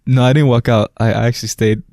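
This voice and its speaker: A man's voice: mid-range voice, steady tone, fast, creaky, a little mellow, dry recording, studio quality. A young Italian man, a native Italian speaker, co-hosting a podcast in casual, teasing banter. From Italy. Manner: laid-back, teasing, peppers talk with "bro". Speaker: podcast co-host. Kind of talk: casual chat.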